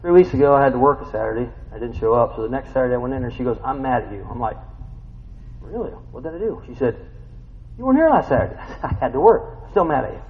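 A man's voice: medium pitch, expressive, quick pace. A man preaching a casual, story-driven sermon, full of rhetorical questions and folksy asides. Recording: muffled sound with long hall reverb.

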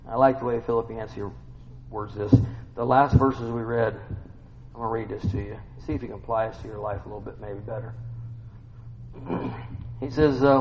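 A preacher with a mid-range, slightly mellow voice gives a casual sermon over faint background noise. He addresses listeners as if in conversation, asks them questions, and hums and affirms between points. Long hall reverb colors the dull, lo-fi recording.

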